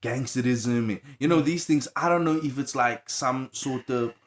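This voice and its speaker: A man's voice: mid-range voice, normal speed, a little hiss or hum. A man, a music producer guest, speaking earnestly and reflectively, with hesitations. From South Africa. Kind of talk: casual interview.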